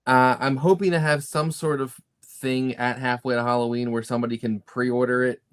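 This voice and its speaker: A man who is an author guest in a casual chat, relaxed and throwing in quick quips. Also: mid-range voice, clear, resonant tone.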